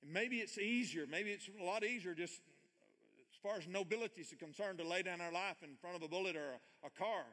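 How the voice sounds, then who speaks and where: A man's voice: high voice, brisk. Older man preaching in a reverberant hall. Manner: earnest, swings from loud emphatic reading to hushed quiet lines. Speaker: pastor. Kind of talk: sermon.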